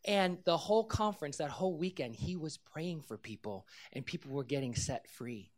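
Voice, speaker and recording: An animated preacher delivers a sermon at an ordinary, mid-range pitch. The story comes alive as the preacher slips into the characters' voices, then settles into an earnest, direct stretch of teaching about faith. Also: normal speed. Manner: animated storyteller who acts out the characters' lines.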